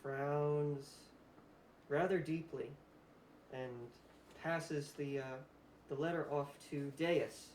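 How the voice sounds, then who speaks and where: A man's voice: on the high side, takes it slowly. Man game master narrating a tabletop game. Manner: relaxed, laughs often. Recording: roomy echo, faint hiss.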